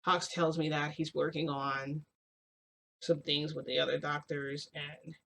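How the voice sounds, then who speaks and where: A woman's voice: sits low, little pitch movement, measured pace, creaky, fairly bright tone, slight background noise. A young woman vlogger casually telling a long story to her viewers, rambling with many fillers and frequent laughs.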